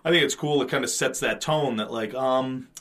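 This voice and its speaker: A man's voice: mid-range voice, normal speed, fairly bright tone. Profane rambling man in his thirties. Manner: profane, rambling, frequent fillers and restarts. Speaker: podcast co-host. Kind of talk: casual movie commentary chat.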